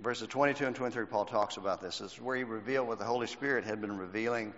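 A man's voice: lowish voice, quick pace, fairly bright tone. A man teaching a Bible class, quizzing his students and stressing each point. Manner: quizzes the class with questions, emphatic. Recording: dull lo-fi recording in a reverberant hall.

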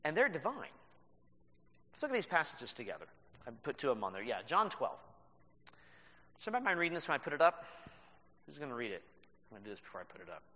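A man preaching a sermon as pastor, telling a story with animated delivery and laughs. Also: fairly high pitch, quick pace, pauses often. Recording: reverberant hall, dull sound.

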